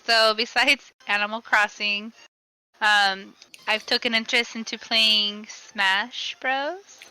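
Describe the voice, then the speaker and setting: A woman chatting on a gaming podcast over a headset, apologetic and relaxed. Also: fairly high pitch, takes it slowly, smooth, rough recording. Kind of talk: casual group chat.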